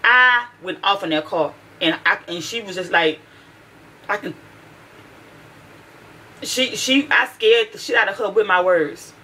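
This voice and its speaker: A woman's voice: medium pitch, measured pace, pauses often, pushed and bright, low-quality recording. A mother telling a heated, profane story about her teenage daughter in a casual vlog, with lots of restarts.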